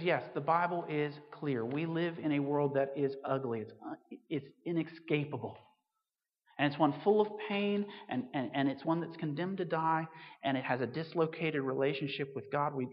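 Male vicar, earnest sermon, slightly high voice, long reverb in a hall. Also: moderate pace, lo-fi sound. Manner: earnest, storytelling, rising to emphatic peaks.

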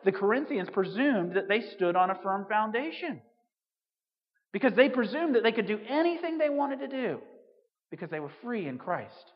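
A man's voice: high-pitched, sing-song, moderate pace. A man preaching a sermon in a conversational way, full of asides and restarts. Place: church on Jersey. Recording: dull reverberant hall recording.

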